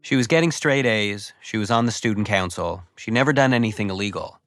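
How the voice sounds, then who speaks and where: Low-voiced man narrating a podcast. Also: brisk. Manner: wry, deadpan narration. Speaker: podcast host. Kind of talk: scripted narration.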